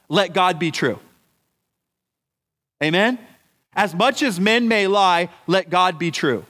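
A man preaching a sermon as pastor, deliberate and emphatic, asking his congregation rhetorical questions. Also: sits high, fairly bright tone. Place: church.

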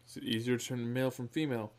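A man co-hosting a casual podcast chat, excitable and rambling, his voice jumping up when he is surprised. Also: medium pitch, racing.

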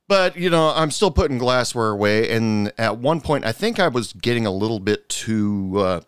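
A man's voice: medium pitch, animated, moderate pace, smooth, no room sound, studio quality. A middle-aged man hosting a podcast and telling casual stories about bartending. He talks animatedly with frequent fillers, and his voice jumps up sharply when he gets annoyed. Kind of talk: casual storytelling monologue.

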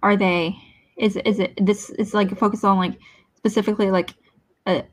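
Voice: medium pitch, level tone, moderate pace. A person co-hosting a podcast in casual movie chat, talking hesitantly with many restarts. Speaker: podcast co-host.

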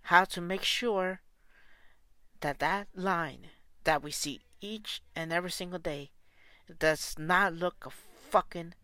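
A man's voice: sits high, slow pace, bright, forceful tone, dry recording. A man who coaches soccer, delivering an angry, profane and repetitive spoken rant.

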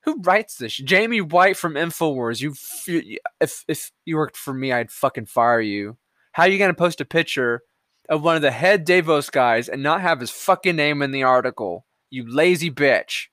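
A man rants alone on his podcast, reading headlines and firing back at them with heavy swearing. His voice sits fairly high for a man and swings widely in pitch, jumping from loud outbursts to low mutters. The sound is dry and close, with no room around it. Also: lively intonation, moderate pace, no room sound. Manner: profane, combative ranting. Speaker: podcast host. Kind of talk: solo political rant reading headlines.

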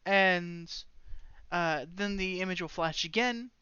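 A game master narrating a tabletop role-playing session in a hesitant way, full of ums and restarted phrases. The voice is smooth and resonant, but the recording is dull and lo-fi with a dry, close sound. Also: medium pitch, bright, forceful tone, no echo. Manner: halting, many fillers and restarts.

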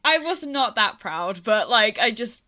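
A woman reading her own story aloud in a steady, even voice, then chatting about it. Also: fairly high pitch, measured pace. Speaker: author and reader.

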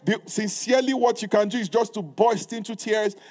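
Emphatic male preacher with a high voice; reads old-style scripture and drives points home with repetition. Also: fairly quick, a little mellow. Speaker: pastor. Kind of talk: sermon.

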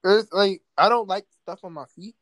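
A man's voice: high voice, normal speed, a bit bright, dry recording, clean studio sound. A man co-hosting a casual podcast chat, laid-back and teasing. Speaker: podcast co-host.

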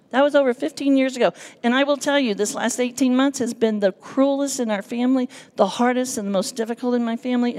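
Woman, church intercessor, raspy-edged and a touch high, earnest testimony from the pulpit. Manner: earnest, emotional storytelling with lively quoted dialogue. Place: church sanctuary.

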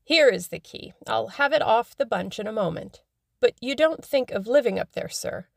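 A woman's voice: fairly high pitch, lively intonation, moderate pace, gravelly, no echo, studio quality, voice pushed up. A woman reading an audiobook, voicing a fussy elderly housekeeper who frets and scolds. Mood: fussing. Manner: fretful, scolding.

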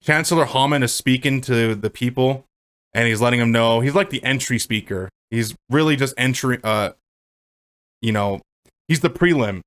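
A man's voice: medium pitch, moderate pace, a bit bright, clean tone. A man casually recapping a movie scene by scene on a podcast, joking, swearing and breaking into silly voices. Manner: goofy, profane, does silly character voices. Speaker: movie rewatch podcast co-host. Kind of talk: casual movie commentary chat.

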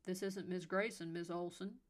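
A condescending old policeman with a deep Southern accent drawls on and on, as a woman reader puts him on. He sounds folksy and sure of himself. The story is told as a spoken audiobook. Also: fairly even intonation, normal speed, lightly acted. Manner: drawling, patronizing.

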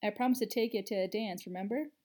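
A woman's voice: mid-range voice, fast, a little mellow, close to an everyday voice. A woman voicing a scruffy teenage schoolboy wizard who grumbles and swears bluntly, in a storybook reading. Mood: grumbling.

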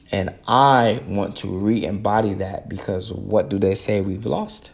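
Podcast host, young American man, low and gravelly, earnest and a bit preachy, repeats lines for emphasis. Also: measured pace, few pauses. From United States. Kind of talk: casual solo podcast monologue.

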